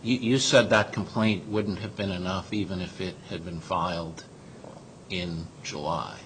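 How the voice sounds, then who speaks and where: A man's voice: low voice, fairly even intonation, a little slow, fairly bright tone, a little hiss or hum, low-quality recording. A man serving as an appellate judge, pressing counsel with pointed, probing questions. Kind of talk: courtroom questioning.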